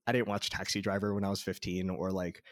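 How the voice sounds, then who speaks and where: A podcast co-host with a low voice talks quickly and flatly about a film. His casual chat rambles, with many fillers and restarts, and there's no room sound.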